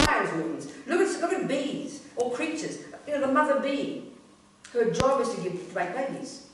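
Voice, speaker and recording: A woman's voice: a little high, heavy background noise. A woman, a Buddhist nun, giving a blunt, emphatic and earthy teaching talk in a centre's hall. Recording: echoey room, voice from a distance.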